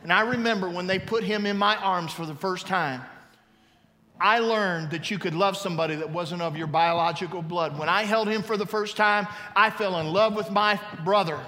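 A pastor in his fifties preaching a storytelling testimony, swinging from loud to hushed. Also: high voice, normal speed. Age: 50s. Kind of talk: sermon. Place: large church hall. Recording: reverberant hall, faint ambience.

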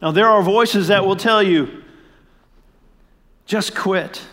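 A man's voice: high-pitched, moderate pace, fairly bright tone. A man preaching a sermon, building to emphatic repeated declarations and leading the congregation in saying a verse back to him. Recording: long hall reverb.

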